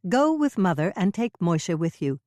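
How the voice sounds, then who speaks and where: A woman reading the lines of a determined, forceful amateur sleuth in an audiobook. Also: fairly low pitch, very animated, moderate pace, no echo, clean studio sound. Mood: insistent. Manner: forceful and urgent. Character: determined woman baker, sharp-tongued sleuth.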